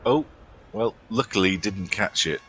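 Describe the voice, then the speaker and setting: Low-voiced guy w a bright edge, dry jokey commentary while gaming. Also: moderate pace, slightly rough. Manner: dry, joking, mock-earnest. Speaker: streamer playing a game. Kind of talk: casual chat over gameplay.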